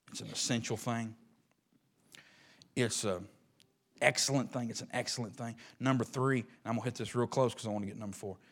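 A man preaching a sermon with passion, rising to loud peaks and dropping to hushed murmurs. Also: fairly low pitch. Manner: impassioned, swinging from loud rises to hushed murmurs.

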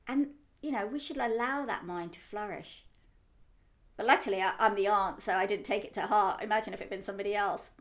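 A woman's voice: mid-range voice, brisk, a bit bright. A woman co-hosting a casual podcast chat, telling stories in a chatty, giggly way. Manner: chatty anecdotal storyteller, giggly. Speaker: co-host.

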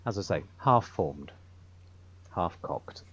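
A man's voice: low-pitched, expressive, takes it slowly, breathy edge. A man in a casual podcast chat, thinking aloud in long, self-correcting sentences. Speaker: podcast panelist. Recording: dull lo-fi sound.

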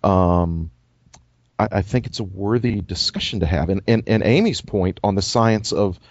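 A man's voice: sits low, moderate pace, no echo. A man co-hosting a podcast panel discussion, emphatic and joking, often restarting his sentences. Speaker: co-host. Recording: dull, dry lo-fi podcast audio.

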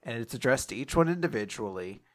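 A man's voice: mid-range voice, lively intonation, fast talker. A young man hosting a podcast, casually and chattily recapping a comic chapter. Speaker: podcast host.

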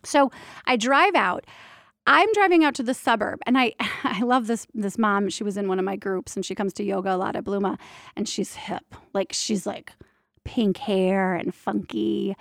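A woman working as a doula, telling stories from her work in a lively, candid, casual monologue that slips in the odd mild swear. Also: medium pitch, moderate pace, creaky, no room sound, studio quality. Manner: animated, candid, playful, drops mild swears. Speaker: doula and prenatal yoga teacher.

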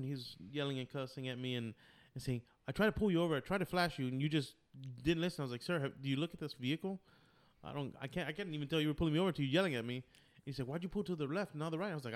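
A man in his thirties telling a story in casual chat, animated and often breaking into laughter. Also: fairly high pitch, racing.

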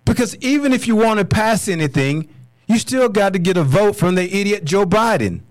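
A man's voice: high-pitched, expressive, moderate pace, no echo. An American man hosting a podcast, delivering a furious, blunt solo rant, swearing and repeating himself. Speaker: podcast host.

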